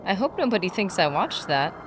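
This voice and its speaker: A woman livestreaming a game, chatting excitedly and casually with her viewers. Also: fairly low pitch, brisk, a little hiss or hum. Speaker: streamer. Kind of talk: casual livestream gaming chat.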